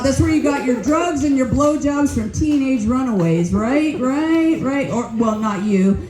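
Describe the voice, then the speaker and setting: A woman's voice: a little high, dark tone. An older woman doing a stand-up comedy set, telling blunt, profane stories on a club stage. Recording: roomy club echo.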